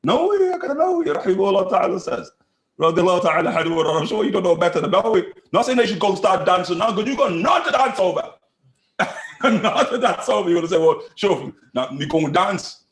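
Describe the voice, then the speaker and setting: A man giving an animated religious lesson, acting out voices and laughing often as he teaches. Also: high-pitched, fast, reverberant.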